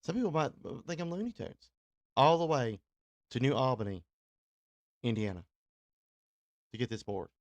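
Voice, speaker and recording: A man's voice: mid-range voice, sing-song, normal speed, long pauses, no echo. A man with a Kentucky accent, a radio host and DJ talking casually and rambling on a livestream, self-deprecating and laughing often between fillers. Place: small home studio.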